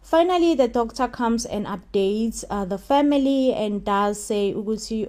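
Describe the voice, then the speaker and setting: A woman's voice: on the high side, expressive, moderate pace, hardly any pauses, dark tone. A young woman with a South African accent, chatting casually through a recap of a TV drama, repeating words for emphasis with plenty of "you know". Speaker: TV series recap host.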